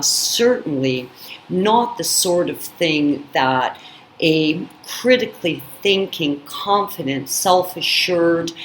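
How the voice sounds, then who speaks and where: A woman's voice: low-pitched, a bit bright. A woman hosting her own channel, telling a personal story in an emphatic way, full of "you know" and "I mean". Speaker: channel host. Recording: echoey room with faint background noise.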